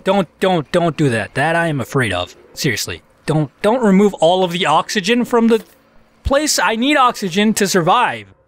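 A man's voice: sits high, big pitch swings, normal speed, fairly bright tone. A man giving casual, self-mocking commentary while playing a shooter game, talking back to the enemies on screen. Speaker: let's play commentator.

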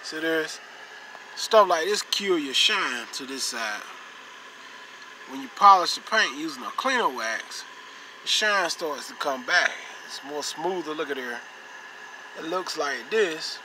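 A slightly high-voiced man walks through a car detailing demo in a relaxed, chatty way. He points things out again and again, coaxing the viewer to look. Vehicle noise and ambience are clearly heard behind him. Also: a little slow. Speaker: car detailing channel host. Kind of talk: casual how-to demonstration. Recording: noisy ambience, vehicle sounds.

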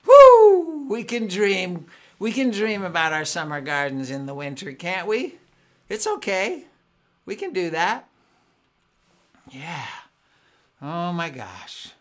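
A man hosting a live-streamed family concert, chatting excitedly with viewers at home between songs. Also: high voice, takes it slowly, pauses often. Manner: excitable, chatty, warm with kids. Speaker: family concert singer and host. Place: home in Southern California.

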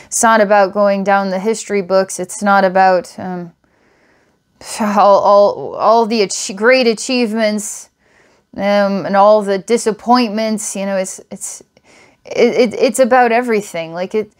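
Woman psychic, mid-pitched voice, earnest and rambling, halting restarts, reading for a client. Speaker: psychic reader.

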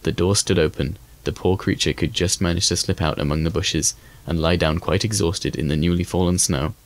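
Deep-voiced man reading a fairy tale. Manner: measured, even reading. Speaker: audiobook reader. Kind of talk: scripted storybook narration.

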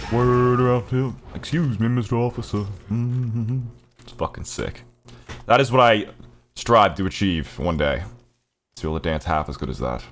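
A man casually commentating his own gameplay, cursing and joking, often breaking into high-pitched yelling. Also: a little hiss or hum. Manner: profane, jokey, bursts into high-pitched yelling. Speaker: gaming YouTuber.

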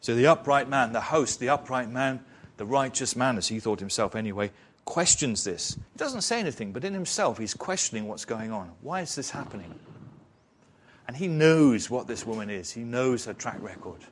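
A man's voice: medium pitch, expressive, moderate pace, a little hiss or hum. A man preaching an expository sermon in church, retelling a story in a conversational way with rhetorical questions.

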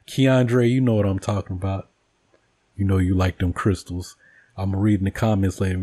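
Man, casual vlog monologue, salty language, animated jokey storytelling. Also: deep voice, normal speed. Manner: profane, joking, animated storytelling. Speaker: vlogger host.

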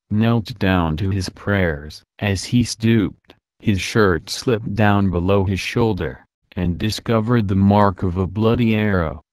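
A man reading a classic novel aloud as an audiobook narrator, in a slow, measured way. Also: low-pitched, no echo, clean studio sound. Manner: slow, measured reading of old-fashioned prose.

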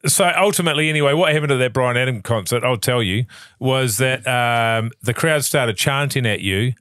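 Relaxed New man asking questions. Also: medium pitch, normal speed, no echo, clean studio sound. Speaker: podcast co-host. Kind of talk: interviewing in casual chat.

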